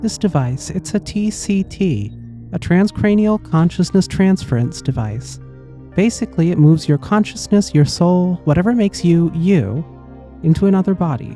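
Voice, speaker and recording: Apologetic princess-politician, earnest and pleading , read by a man in a mellow, slightly high voice. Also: animated, normal speed, faint music behind. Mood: explaining. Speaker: let's play host voicing game characters. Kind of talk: reading game dialogue aloud.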